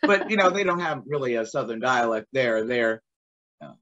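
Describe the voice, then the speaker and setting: Woman, playwright guest, lively up-and-down pitch, laughing storyteller, dull lo-fi audio. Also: normal speed. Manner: animated storytelling with frequent laughs. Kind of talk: casual interview chat.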